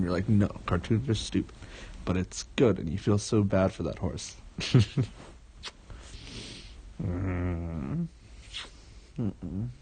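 A young man in an intimate boyfriend role-play, talking in a relaxed, teasing, affectionate way with many soft hums, as if in bed. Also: low voice, breathy edge. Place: bed, indoors.

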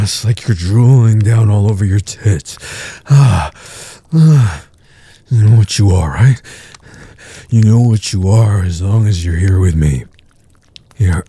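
A man voicing a dominant, teasing adult man in an audio role-play, murmuring low taunts with breathy grunts. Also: mellow, dry recording, exaggerated voice. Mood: heated commanding.

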